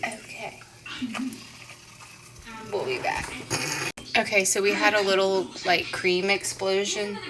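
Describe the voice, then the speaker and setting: A woman's voice: mid-range voice, little pitch movement, slow pace, long pauses, heavy background noise. A woman, chatting with viewers in a casual home cooking vlog from her kitchen. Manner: chatty, addresses viewers as y'all and guys.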